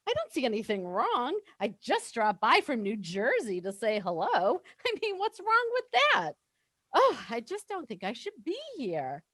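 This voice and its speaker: A woman plays a flustered suburban housewife in her late thirties, breathless and jittery, forever insisting she must leave. Her voice sits high and leaps up and down wildly, and the sound is close and dry. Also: huge pitch swings, normal speed, fairly bright tone, no echo, heavily acted. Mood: anxious. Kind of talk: stage play read aloud.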